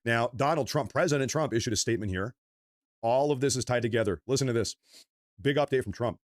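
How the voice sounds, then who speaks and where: A man co-hosting a livestream, reading news items in a measured tone and addressing the audience as folks. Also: medium pitch, dry recording, clean studio sound.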